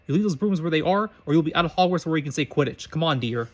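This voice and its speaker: A man's voice: a little high, lively intonation, quick pace. A man reading as a barking flying instructor. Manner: curt, barking commands. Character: stern older woman flying instructor, barking orders.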